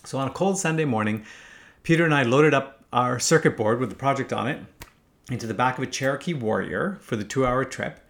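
A man's voice: medium pitch, fairly quick, vocal fry, fairly bright tone. A man in his fifties from Canada, telling a first-person story in a wry, casual way, swearing freely. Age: 50s.

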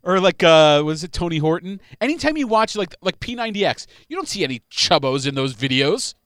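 A man's voice: high voice, sing-song, brisk, fairly bright tone, dry recording, clean studio sound. A man in casual chat, bantering in a joking, rambling way.

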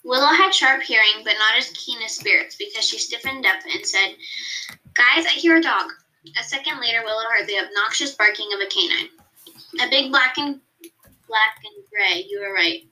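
A woman's voice: a little high, expressive, a little fast, sharp tone, poor audio. A woman co-hosting a podcast who reads her own story aloud in a chatty way and stops to correct herself. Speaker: podcast co-host and story reader.

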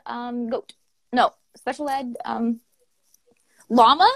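A bubbly young woman with a slightly high voice, chatting loosely and laughing as she co-hosts a poetry show. She swears casually and talks in quick, animated bursts. The sound comes through a video call. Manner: giggly, swears freely, animated. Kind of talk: casual chat.

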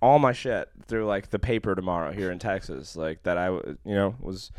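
A man's voice: deep voice, a little fast, darkish tone, no room sound, studio quality. A young man telling a long personal story in casual chat, profane and rambling, full of fillers.

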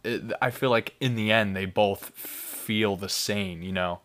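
A young man with a fairly low voice hosts a casual beer-review podcast. He rambles loosely and swears freely, with playful energy. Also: measured pace, fairly bright tone. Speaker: podcast host.

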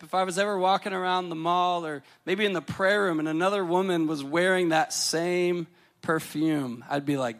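Earnest high-voiced American man preaching. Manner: earnest, tender, repeats words when excited. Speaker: guest pastor. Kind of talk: sermon.

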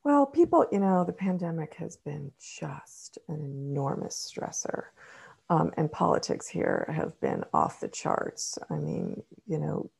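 Brief: middle-aged woman therapist, gravelly and dark-toned, measured interview answers. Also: deep voice, sing-song. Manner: measured, explanatory, frequent ums. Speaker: therapist and author.

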